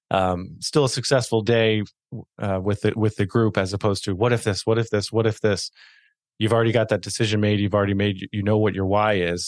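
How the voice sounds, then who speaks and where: A man's voice: deep voice, no room sound, studio quality. A man hosting a podcast, chatting casually and rambling with restarts. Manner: friendly, rambling, with many restarts and fillers. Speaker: podcast host. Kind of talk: casual interview chat.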